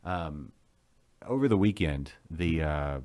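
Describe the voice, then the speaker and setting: A man's voice: rumbling low, animated, darkish tone, no echo. A man, hosting a casual live interview with enthusiastic, rambling chatter. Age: 40s. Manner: enthusiastic, rambling, quick to laugh. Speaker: podcast host.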